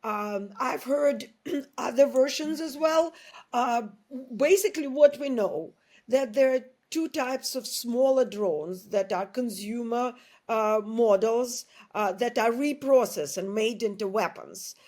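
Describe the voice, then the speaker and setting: A woman's voice: on the high side, takes it slowly, a little mellow. A woman journalist answering interview questions, hesitant with many fillers.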